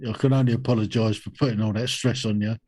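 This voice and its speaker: A man's voice: lowish voice, steady tone, fast, a little mellow. A man speaking as a podcast guest, with dry, brief remarks in casual chat.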